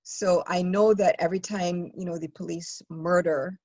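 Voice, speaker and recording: A woman co-hosting a podcast in casual conversation, talking haltingly with many restarts and fillers. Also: on the low side, fairly even intonation, darkish tone. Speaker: podcast co-host.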